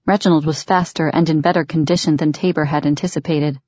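A woman narrates a novel in a measured, even read. Her voice sits fairly low. The recording is dry and slightly dull. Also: no echo. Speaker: audiobook narrator. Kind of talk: scripted audiobook narration.

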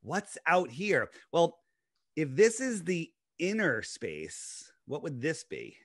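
Slightly high-voiced man lecturing animatedly. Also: slow pace. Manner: lecturing, animated explainer with many restarts. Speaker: podcast guest. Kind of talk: casual podcast chat.

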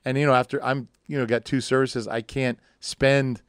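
A man's voice: mid-range voice, flat delivery, normal speed, clean tone, no room sound, studio quality. A pastor talking in a rambling, joking way on a conversation podcast, acting out the people he quotes. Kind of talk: casual conversation. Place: studio.

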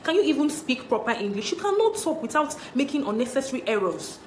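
A woman's voice: high-pitched, sing-song, fast talker, a loud crowd. A young woman in a comedy skit, talking in a dismissive, exasperated way. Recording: echoey room with faint hiss.

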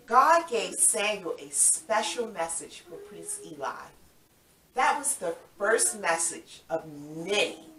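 Slow and expressive, with a low, sharp-toned voice, a woman teaching children's Sabbath School acts out a Bible story for young kids in a coaxing, playful way. She is heard from far off in an echoey room.

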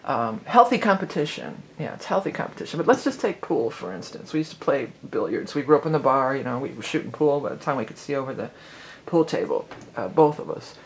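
A woman's voice: extremely low pitch, animated, brisk, a little mellow, slight background noise. A middle-aged woman hosting an astrology channel, chatting casually and rambling with lots of "you know". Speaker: psychic astrology channel host.

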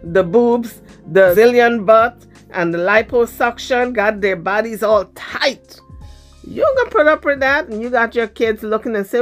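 A woman giving casual celebrity gossip commentary in a sassy, blunt, slangy way, her voice slightly hoarse. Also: on the high side, a little slow, soft background music.

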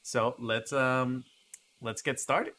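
A man's voice: medium pitch, fairly even intonation, takes it slowly, bright, forceful tone. A man giving casual gameplay commentary and reading game text aloud with chatty asides. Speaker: gaming video creator.

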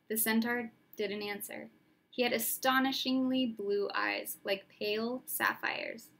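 A woman's voice: fairly high pitch, steady tone, unhurried, gravelly, fairly bright tone. Woman reading a storybook aloud. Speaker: reader. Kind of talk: storybook read-aloud narration.

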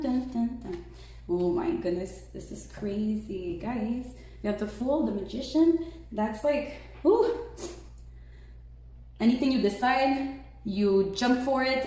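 A woman giving a casual tarot reading, chatty and excitable, peppering her talk with "like" and "right?". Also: medium pitch, background noise. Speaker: tarot reader. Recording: very echoey room.

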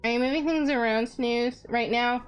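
A woman streamer with a fairly high voice chats casually with her viewers. She is blunt and profane, teasing them as she goes. Faint game music plays in the background. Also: moderate pace, clear, resonant tone. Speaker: live streamer. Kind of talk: casual live-stream chat.

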